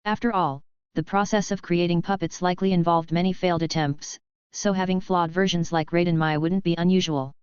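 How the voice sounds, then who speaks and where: Smooth low-voiced woman narrating a story. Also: fairly even intonation, a little fast, darkish tone, dry recording, highs cut off. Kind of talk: audiobook narration of a web novel.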